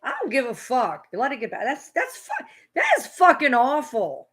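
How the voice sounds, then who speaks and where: Her voice is high and rather bright, a little rough, swooping wildly in pitch at a moderate pace. Reacting to a clip on her livestream, this woman launches into a profane rant, cursing heavily and saying the same things again in her anger.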